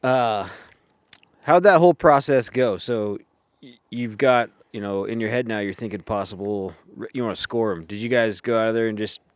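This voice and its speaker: A man's voice: on the low side, moderate pace, clean tone, dry recording. A man hosting a casual podcast interview who asks loose, rambling questions. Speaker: podcast host.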